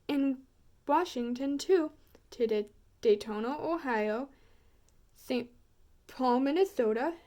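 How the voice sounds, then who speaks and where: A woman storyteller reading a rhyming picture book aloud, expressive and rhythmic. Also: high-pitched.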